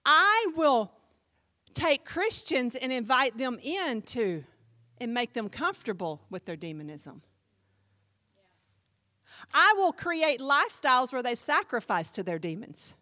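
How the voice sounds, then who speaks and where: A woman's voice: sits high, sing-song, a little slow, long pauses, sharp tone, big-room sound, exaggerated voice. Woman preacher voicing a scheming pagan king.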